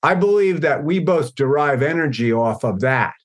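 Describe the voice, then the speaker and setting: Measured man reflecting in an interview. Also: on the high side, expressive. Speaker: film collaborator. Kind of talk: interview recollection.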